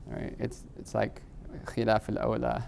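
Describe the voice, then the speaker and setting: A man's voice: on the low side, completely flat delivery, fast, gravelly, a little mellow, a little hiss or hum. A middle-aged man teaching Arabic grammar in a live class. He explains patiently, moves between English and Arabic terms, and keeps checking in with "right?".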